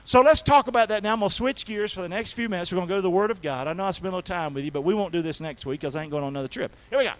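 A man preaching a folksy sermon, calling for responses and swinging from soft talk to shouting. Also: sits high, very fast, few pauses, poor audio. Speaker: pastor. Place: church sanctuary.

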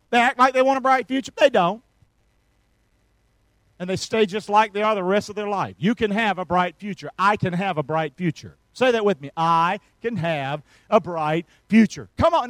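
Middle-aged man, energetic sermon with call-and-response, higher-pitched voice. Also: no echo, low-quality recording. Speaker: pastor.

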